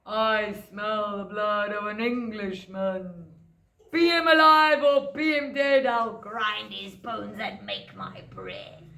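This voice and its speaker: A woman voicing a huge, menacing male giant who eats men, chanting slowly and loudly in a storybook reading. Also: mid-range voice, animated, echoey room, far from the mic, voice pushed down, heavily acted.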